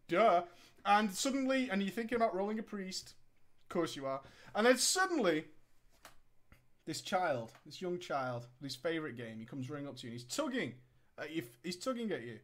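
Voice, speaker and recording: Brief: story reader, very lively pitch, sarcastic asides and swearing. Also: a little fast. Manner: sarcastic, swears, breaks off to riff and laugh. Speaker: storyteller reading gaming stories. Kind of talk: comedic story reading with commentary.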